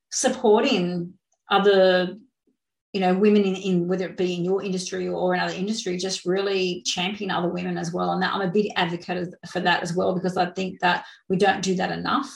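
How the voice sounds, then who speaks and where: Podcast host: woman, gravelly voice, eager and chatty, echoey room. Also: lowish voice, level tone, a little fast. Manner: enthusiastic, chatty, lots of fillers. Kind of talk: casual interview chat.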